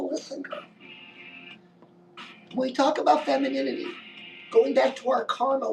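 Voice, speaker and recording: Chatty high-voiced woman life coach. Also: creaky, darkish tone, far from the mic, rough recording. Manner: chatty, keeps saying "girl" and "listen". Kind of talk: live-stream pep talk.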